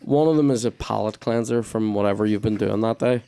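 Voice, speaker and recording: A man hosting a comedy podcast who holds forth in casual banter, opinionated and animated. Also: on the low side, fairly quick, vocal fry, clean tone.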